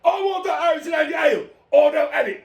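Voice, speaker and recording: A man voicing rowdy male bar patrons who shout their orders high and loud over a crowd. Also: quick pace, creaky. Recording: roomy, distant mic.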